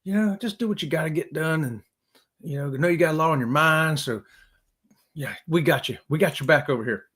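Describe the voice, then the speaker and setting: A man's voice: on the high side, brisk, fairly bright tone, slightly rough. Upbeat joking male cruise show host. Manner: upbeat, joking, laughs often, folksy. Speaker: live stream host. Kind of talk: casual chat reading viewer comments.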